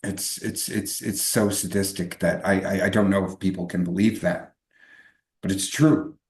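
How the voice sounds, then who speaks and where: Man, middle-aged, deep low voice, rambling personal storytelling, frequent restarts, echoey room recording. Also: fairly even intonation, normal speed. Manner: rambling, many restarts and fillers. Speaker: guest. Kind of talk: casual interview storytelling.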